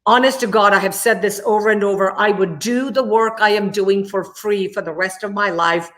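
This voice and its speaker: A woman's voice: medium pitch, moderate pace, a bit bright. A woman from India, speaking as an interview guest. She talks with passion and repeats key words for emphasis. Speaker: guest, immigration attorney.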